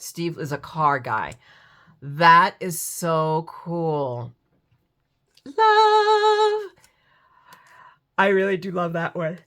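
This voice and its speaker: A woman's voice: deep voice, sharp tone. Chatty stuffy-nosed woman gushing over crafts. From United States. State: stuffy runny nose. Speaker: craft channel host. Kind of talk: casual unboxing commentary.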